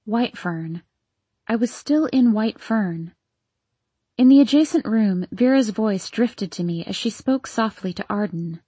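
Breathy woman narrating a novel. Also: mid-range voice, lively intonation, unhurried, no echo. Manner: hushed, searching, anxious. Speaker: audiobook narrator. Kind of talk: first-person novel narration.

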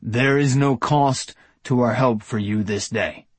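A guarded werewolf man chooses each word with care, formal and measured, as a narrator voices him. His voice is husky, a little lower than the narrator's usual tone, in a dry, close recording. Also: dry recording. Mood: careful. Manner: careful, measured speech. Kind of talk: audiobook character voice.

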